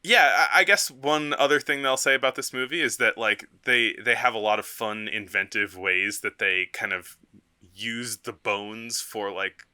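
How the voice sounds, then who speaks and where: A man's voice: fairly low pitch, steady tone, moderate pace, bright, forceful tone, clean tone. A man co-hosting a film history podcast, talking casually with many fillers and frequent laughs. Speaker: podcast co-host.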